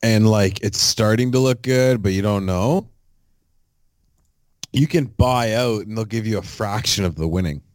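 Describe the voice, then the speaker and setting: A man's voice: fairly low pitch, unhurried, a little mellow, no echo, clean studio sound. A man co-hosting a podcast, chatting casually and swearing often, giving loose sports betting picks. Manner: profane, laid-back banter with sports betting picks. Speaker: podcast co-host. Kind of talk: casual chat.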